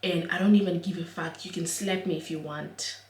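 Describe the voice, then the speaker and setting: A woman voicing a blunt, unbothered drunk young man, speaking flat and defiant. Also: on the low side, moderate pace, very noisy, lightly acted. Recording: roomy echo.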